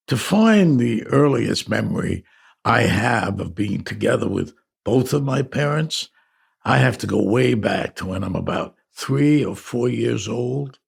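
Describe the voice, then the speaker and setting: Gravelly older New man reminiscing. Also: fairly low pitch. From New York. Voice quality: gravelly, husky. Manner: reflective, halting, with conversational asides. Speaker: memoir narrator. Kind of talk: audiobook memoir narration.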